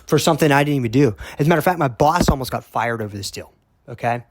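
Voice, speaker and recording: A man of ordinary pitch recounts his story in a casual, heated monologue, pressing his points with repeated "okay?" check-ins and restarts. He is blunt and drops a curse now and then. The recording is dry and close, with no room sound. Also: lively intonation, very fast, dry recording. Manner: emphatic, keeps asking "okay?", repeats himself. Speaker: vlogger telling his own story.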